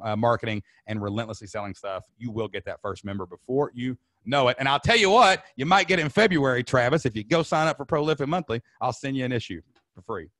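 Thirties male webinar host, rapid-fire hype delivery, dry close mic. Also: mid-range voice, dry recording. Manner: fired-up, preachy, repeats slogans, loud whoops. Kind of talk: energetic sales webinar talk. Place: home studio under lights.

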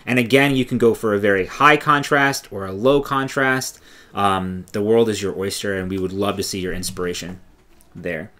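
A man's voice: lowish voice, fairly even intonation, moderate pace, sharp tone. A man co-hosting a casual knitting podcast, talking with enthusiasm in a meandering way full of fillers. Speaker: podcast co-host.

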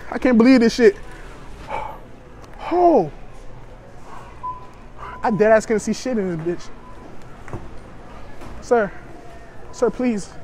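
A man's voice: very high voice, takes it slowly, pauses often, dark tone, a little hiss or hum. A young man chatting brashly to strangers in a store, joking and provoking as a prank vlogger. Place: inside a store.

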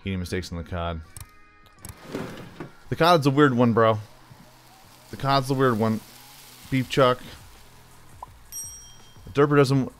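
A man's voice: mid-range voice, lively intonation, unhurried, pauses often, soft background music. A man casually commentating his own cooking game as he plays, chatty and thinking aloud, calling the viewer "bro". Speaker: gaming channel host. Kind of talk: casual let's-play commentary.

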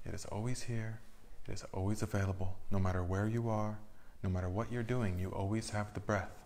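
A man leading a guided breathing meditation, giving calm instructions and counting slowly through each breath. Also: on the low side. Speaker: meditation leader.

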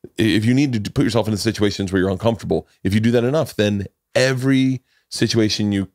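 Speaking fast with a fairly low, darkish voice, a man in his forties hosts a podcast full of rambling, swear-laden stories he finds funny himself. It's casual storytelling chat, recorded cleanly in a studio with no room sound.

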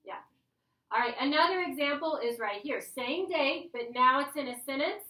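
A woman's voice: high voice, expressive, moderate pace, pushed and bright. A woman teacher giving a playful, chatty grammar lesson to her class. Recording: echoey classroom from a distance.

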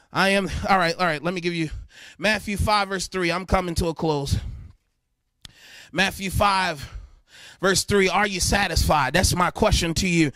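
A male pastor preaching a sermon with fervent energy, shouting and half-singing some lines and dropping to a murmur when finding Bible verses. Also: sits high, moderate pace, long pauses, no room sound.

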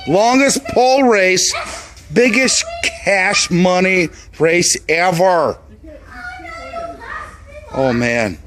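A man hosting and calling toy car races at home, switching between slow announcements and loud whooping shouts. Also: high voice, animated, music in the background. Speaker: race host. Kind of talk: excited hobby race commentary. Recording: noisy home recording.

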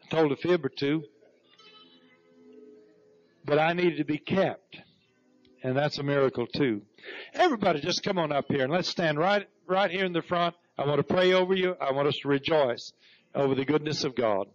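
This pastor, middle-aged and slightly high-voiced, speaks at a normal speed with long pauses while soft music plays. He tells stories from the pulpit of a church sanctuary and repeats "Praise God" with growing fervor, captured on a dull lo-fi 1991 recording.

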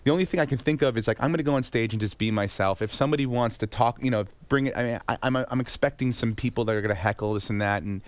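A man, a comedian guest on a radio show, speaking haltingly and earnestly, repeating words. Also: medium pitch, clear, resonant tone, no echo. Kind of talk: radio interview.

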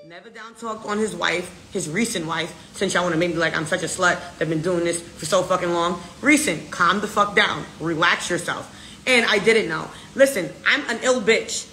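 A young American woman rants in a brash, defiant, profane way and circles back over the same points. Her voice is bright and forceful. The sound is roomy and echoing. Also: fairly low pitch, moderate pace, slight background noise. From United States. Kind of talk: casual rant.

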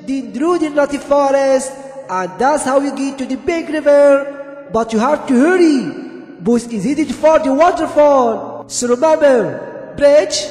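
A man's voice: very high-pitched, unhurried, darkish tone. A man singing as a chipper talking map. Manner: sing-song, repeating directions. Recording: echoey room with long reverb, faint music.

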